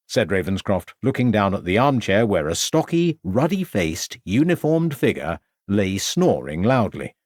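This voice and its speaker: A man narrating a crime novel as an audiobook, in a measured storytelling manner. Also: fairly low pitch, very animated, no room sound, clean studio sound. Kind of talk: scripted narration.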